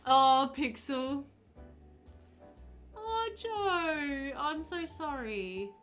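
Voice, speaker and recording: A young woman with a high, lively voice streams a game, speaking extremely slowly over soft background music. She chats casually and warmly with her viewers, reading their live messages aloud and giggling often.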